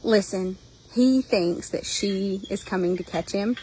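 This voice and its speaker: A horse trader who hosts her own channel films horses outdoors on a handheld phone camera for a casual vlog. Her voice is medium-pitched, mellow, a little slow, and breathy at the edges, and she chats animatedly while swearing freely.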